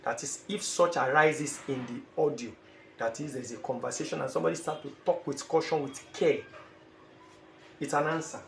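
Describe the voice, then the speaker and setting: Male teacher, emphatic lecture delivery, gravelly edge, slightly higher voice, roomy echo, faint background hum. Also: moderate pace. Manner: emphatic, repeats phrases, acts out short dialogues. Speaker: IELTS teacher. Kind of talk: classroom-style lecture. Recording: echoey room with faint ambient noise.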